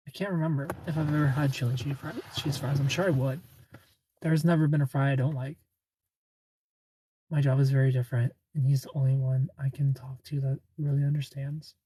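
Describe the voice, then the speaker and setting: A man with a somewhat high, husky voice hosts a casual live stream and chats playfully with his viewers. He laughs a lot and greets people by name. The sound is close and dry. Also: a little mellow, dry recording. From Ohio.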